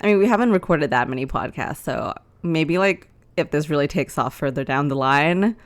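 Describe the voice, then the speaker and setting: A young woman with a low-pitched voice co-hosts a relaxed podcast from a small living room. She talks in a chatty, giggly way, with plenty of "like" fillers. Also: moderate pace. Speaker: podcast co-host. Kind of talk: casual chat.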